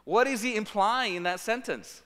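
A man preaching a sermon as pastor, animated and acting out the lines he quotes. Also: sits high, moderate pace. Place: church sanctuary. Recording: long reverb of a church sanctuary.

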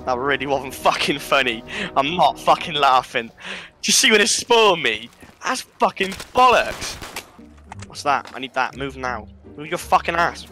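A man playing a co-op zombie game, swearing constantly and yelling at his teammates. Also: on the high side, very animated, normal speed, music in the background. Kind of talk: live gameplay chat.

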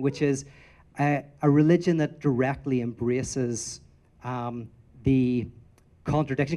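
Rambling man talking theology to a crowd. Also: mid-range voice. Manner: rambling and animated, acts out quotes in storytelling. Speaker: speaker answering audience questions. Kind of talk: lecture-style Q&A talk.

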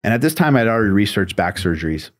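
Guest tattoo artist, American man, deep voice, dry close sound, loose rambling storyteller. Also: very animated, fast talker, no room sound. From United States. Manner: laid-back, rambling, lots of "like" and "you know". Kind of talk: casual storytelling interview.

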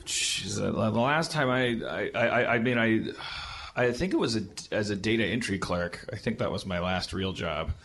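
A man in his thirties from the United States, hosting a podcast with halting, self-correcting comic talk. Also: fairly low pitch, fairly bright tone. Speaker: podcast host. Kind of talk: rambling comedic talk.

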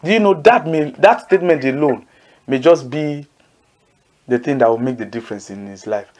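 A man's voice: medium pitch, lively intonation, moderate pace, a little mellow. A male preacher, teaching the Bible to callers in an emphatic way and repeating key phrases. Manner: emphatic, repeats key phrases, asks listeners to say lines with him.

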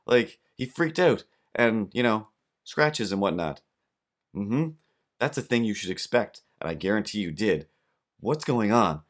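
A man hosting a podcast, telling rambling stories with deadpan jokes in a casual, comedic monologue. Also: lowish voice, a little slow. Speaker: podcast host.

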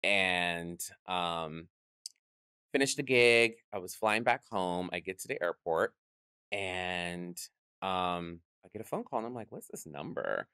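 A man's voice: sits low, slow pace, pushed and bright, clear, resonant tone, no echo, studio quality. A man telling stories as a guest in an interview, acting out quoted voices and laughing often. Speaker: guest, drag performer. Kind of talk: storytelling interview chat.

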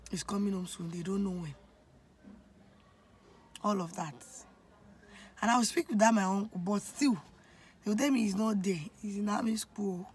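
A woman's voice: medium pitch, moderate pace, long pauses, slight background noise. Nigerian woman telling a personal story. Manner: emotional, confiding storytelling that addresses viewers directly. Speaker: vlogger. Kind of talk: storytime vlog.

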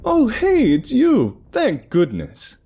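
A man voicing a hitman who puts on a high, eager, overly friendly voice to fool someone, in a spoken horror story. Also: wildly swooping pitch, slow pace, dark tone, slightly rough, soft background music, full character voice. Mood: fake cheerful. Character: hitman faking a chipper, high-pitched stranger's voice.

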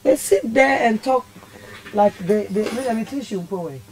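Ghanaian woman on radio, high voice, emotional rambling story, dry sound. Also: unhurried, a little mellow, dry recording. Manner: impassioned, rambling, switches languages. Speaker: guest. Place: radio studio.

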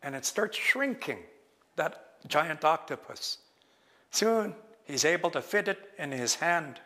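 A man telling a traditional story live in a lecture hall, slow and expressive, acting out each character. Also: on the high side. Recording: long reverb of a lecture hall.

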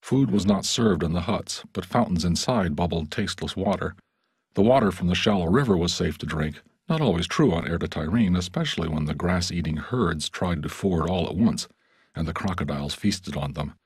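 A man reads an audiobook in a somber, steady manner. His voice is very deep and strongly husky, recorded dry and close. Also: normal speed, no echo. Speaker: audiobook narrator. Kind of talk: scripted audiobook narration.

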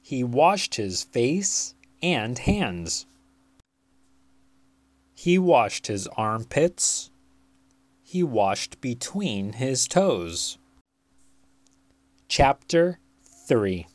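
A storybook reader takes their time over every phrase, reading for young children. The pitch rises and falls in wide, lively swings. The recording is dry and close, with no room sound. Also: dry recording. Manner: very slow, deliberate and expressive. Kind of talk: read-aloud storytelling.

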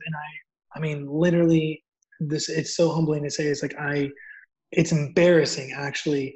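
Animated man telling a story, lo-fi audio. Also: a little high, a little slow. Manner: animated, acts out quoted dialogue. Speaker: guest author. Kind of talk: storytelling in an interview. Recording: dull lo-fi audio.

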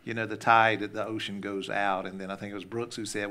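A man preaching a conversational sermon as a pastor, repeating words as he restarts and swinging between loud emphasis and hushed asides. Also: lowish voice, flat delivery, quick pace, few pauses.

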